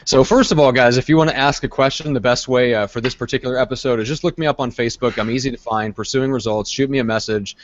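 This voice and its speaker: Fast-talking male host, dry lo-fi sound. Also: mid-range voice, fairly even intonation, no room sound. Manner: upbeat, fast-talking moderator. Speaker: show host. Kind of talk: live show hosting.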